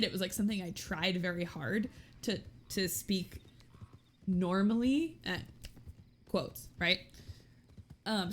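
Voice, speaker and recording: A woman in her thirties talks loosely to her stream between bits of a roleplay game. She jokes at her own expense, laughs easily and drops the odd swear word, with a faint hiss of noise under her voice. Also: medium pitch. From Texas. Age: 30s. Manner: chatty and self-mocking, laughs often and swears casually. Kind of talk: casual chat.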